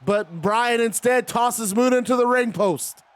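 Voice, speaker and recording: Male streamer, high clear voice, play-by-play caller who chats to his viewers, dry close recording. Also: measured pace, dry recording. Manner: chatty, talks to viewers between calls. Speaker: video game streamer. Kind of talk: play-by-play wrestling game commentary.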